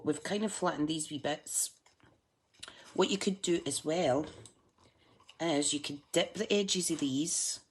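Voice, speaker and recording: A woman's voice: deep voice, a little mellow. A Scottish woman chatting casually to live viewers as she demonstrates a craft project, joking at her own expense as she works. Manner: chatty, self-mocking, talks to viewers while working.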